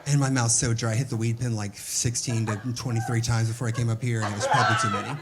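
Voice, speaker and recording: A man's voice: mid-range voice, steady tone, fast talker, hardly any pauses, loud music behind the voice. A young male comedian doing stand-up on a stage, in a loose, rambling, offhand way.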